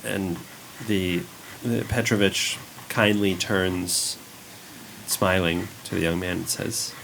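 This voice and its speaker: A man narrating as game master of a tabletop role-play, in a slow and halting way. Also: sits low, fairly even intonation, creaky, a bit bright, slight background noise, rough recording.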